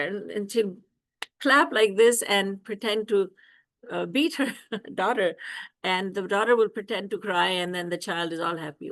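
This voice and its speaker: A woman spiritual teacher telling devotional stories in an animated way, often laughing and acting out scenes, over a video call. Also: mid-range voice, measured pace. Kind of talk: devotional storytelling discourse.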